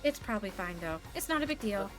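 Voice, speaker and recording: A woman's voice: medium pitch, very animated, quick pace. A woman streaming a game live, chatting casually with plenty of swearing and reading the characters' lines aloud with gusto. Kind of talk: live let's-play commentary. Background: game music.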